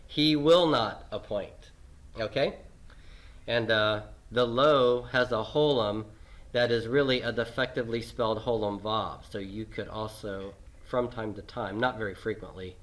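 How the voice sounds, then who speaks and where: A male teacher giving a recorded class lecture, patient and repetitive, often checking in with "okay?" and slowing down on key terms. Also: mid-range voice, fairly bright tone. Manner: lots of fillers and restarts, slowing on key terms.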